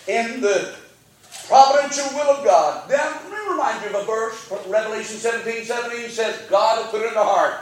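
A man preaching a sermon as pastor, fervent and call-and-response, rising to shouts. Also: high-pitched. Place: church sanctuary. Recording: very echoey church, mic at a distance.

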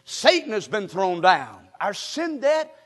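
A pastor delivering a fervent sermon, often breaking into shouts. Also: male voice, sits high, sing-song, slow pace. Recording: long reverb of a large hall.

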